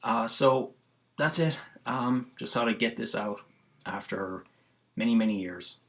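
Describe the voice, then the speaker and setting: A man's voice: medium pitch, unhurried, gravelly, a bit bright. A man with an Irish accent musing aloud in a casual monologue, rambling with lots of fillers and restarts. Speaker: vlogger.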